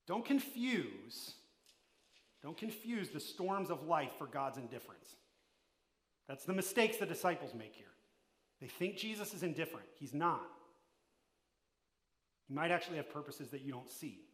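High, bright-voiced man preaching. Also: very animated, normal speed, pauses often, reverberant. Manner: emphatic preaching that swings between loud and hushed; addresses the listeners directly with questions. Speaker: pastor. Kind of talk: sermon.

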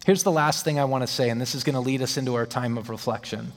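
A man's voice: medium pitch, quick pace. A man preaching a sermon as pastor, emphatic, building his points phrase by phrase with rising stress. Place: church hall. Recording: long hall reverb.

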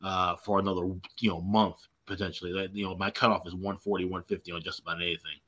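Bright-voiced male betting co-host. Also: sits low, little pitch movement, quick pace. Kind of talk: casual betting analysis.

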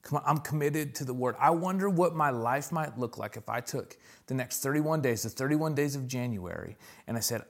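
A man's voice: mid-range voice, animated, brisk, gravelly, few pauses. A man preaching a sermon as pastor, calling out "come on" and pressing his points with rising intensity.

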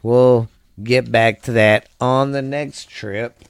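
A man's voice: medium pitch, steady tone, slow pace, clean tone, dry recording. A tired man hosting his own podcast in loose, rambling, crude casual chat, coughing and trailing off. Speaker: podcast host.

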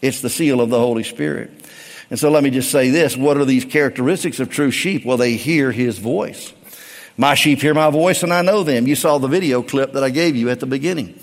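A middle-aged man, a pastor, preaching a sermon with emphatic swings between raised and hushed delivery. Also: mid-range voice, fairly quick, vocal fry, in a large hall.

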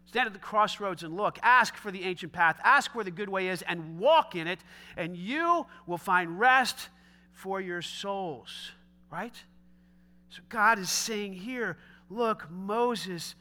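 Bright high-voiced male pastor preaching. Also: lively intonation, normal speed. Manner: dramatic, swinging between loud pleading and hushed quiet; conversational asides with casual slang. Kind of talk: sermon.

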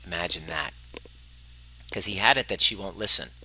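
Male podcast host and coach, earnest storyteller, lowish voice with a very bright, forceful edge. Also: normal speed, a little hiss or hum. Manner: earnest, acts out client dialogue. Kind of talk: personal storytelling monologue.

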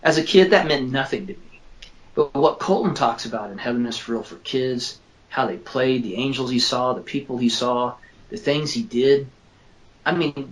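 A man in his fifties, an author and father, telling a personal story in an earnest, halting way that repeats words when he is moved. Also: mid-range voice. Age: 50s. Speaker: author and father interviewed about his book. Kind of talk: emotional personal storytelling in an interview. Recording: roomy echo.

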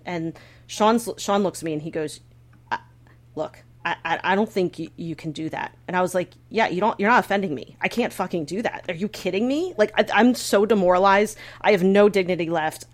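A young woman casually telling a story on a podcast, full of fillers and restarts, breaking into squealing high bits as she acts out her own panic. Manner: frequent filler words, restarts. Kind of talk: casual chat.

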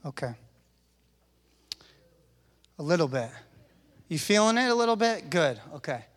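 A man preaching a sermon to a live audience, with casual slang asides and lively, animated delivery. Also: a little high, measured pace, in a large hall.

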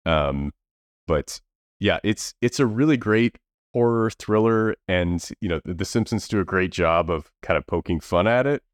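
A man's voice: low-pitched, lively intonation, normal speed, no echo, studio quality. A man co-hosting a podcast, chatting casually about films with lots of fillers and restarts. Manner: rambling, many fillers and restarts. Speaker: podcast co-host reviewing movies. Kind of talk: casual movie review chat.

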